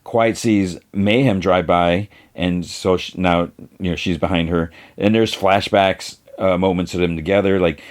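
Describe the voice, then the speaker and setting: Podcast host, man, low voice, loose casual recap, lots of "like", quick character voices. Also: fairly even intonation. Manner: rambling, filler-heavy, briefly voices characters.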